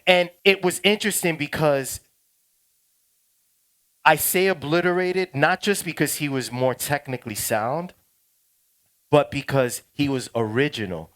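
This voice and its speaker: A middle-aged man, a DJ casually telling a slangy story to a workshop class, turning loud and excited. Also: fairly high pitch, measured pace, long pauses. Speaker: DJ teaching a workshop.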